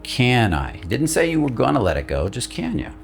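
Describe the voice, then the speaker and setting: A male coach giving a guided instructional talk, calm and steady, stressing key words by repeating them. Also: medium pitch, fairly quick, creaky, faint music behind. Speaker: emotional release coach.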